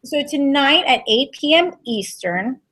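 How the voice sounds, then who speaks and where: A woman giving an intuitive tarot reading on a web show, soft and halting, with many fillers. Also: sits high, animated. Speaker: tarot reader.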